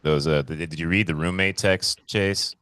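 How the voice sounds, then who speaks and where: A man co-hosting a casual podcast, telling stories in an animated, profane way. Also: deep voice, normal speed, clear, resonant tone, dry recording, clean studio sound. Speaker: podcast co-host.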